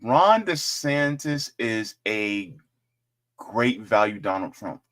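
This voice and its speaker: A man hosting casual political commentary in an animated, joking way, with chatty asides. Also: lowish voice, takes it slowly.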